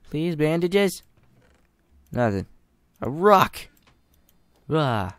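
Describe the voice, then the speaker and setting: Man, gameplay commentary, panicky pleading and cursing, swooping pitch, dry close sound. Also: animated, unhurried, pauses often, no room sound. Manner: panicky, pleading and swearing, laughs at himself. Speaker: gamer.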